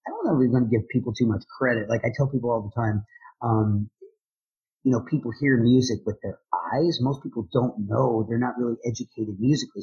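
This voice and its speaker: A man, a drummer and motivational speaker, answering interview questions in an energetic, enthusiastic way. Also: mid-range voice, slightly rough, muffled recording.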